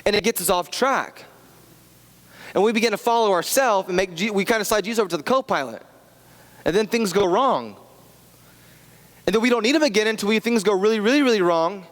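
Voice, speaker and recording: Chatty pastor in a reverberant hall. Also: male voice, high voice, expressive, brisk, long pauses, a bit bright. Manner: chatty and self-deprecating, many restarts and asides. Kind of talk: conversational sermon with personal stories. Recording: long reverb of a church hall.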